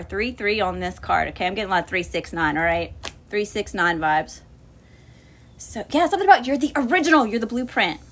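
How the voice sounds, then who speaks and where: A woman hosting a casual livestream tarot reading, cursing freely and calling her viewers y'all. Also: medium pitch. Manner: profane, animated, addresses viewers as y'all. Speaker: spiritual channeler and livestream host.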